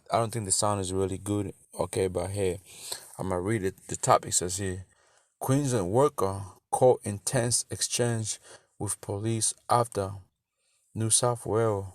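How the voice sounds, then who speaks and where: A lower-pitched man gives a casual religious teaching, reading aloud as he goes. He stumbles and repeats words, drops in curses, and sounds close and dry with no room echo. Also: steady tone, unhurried. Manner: stumbling, repetitive reading with profanity. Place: in Australia.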